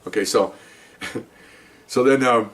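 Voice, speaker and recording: An older man, a retired police officer, tells stories in a casual monologue, checking in often with "okay?" and acting out quoted dialogue. His voice is medium-pitched, slow and a bit bright, recorded far from the mic.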